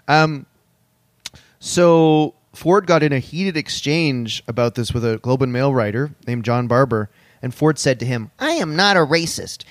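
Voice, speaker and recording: A man's voice: medium pitch, measured pace, dry recording, clean studio sound. A man hosting a comedy podcast, rambling through a story with lots of "um"s and frequent laughter. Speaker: podcast host. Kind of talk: casual comedic chat.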